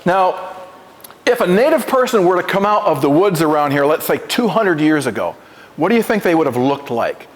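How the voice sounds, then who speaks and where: Very animated and at a moderate pace, a high-voiced Oneida visitor presents to a class, leading call-and-repeat and posing questions. His stammering restarts echo with a long reverb through the school hall.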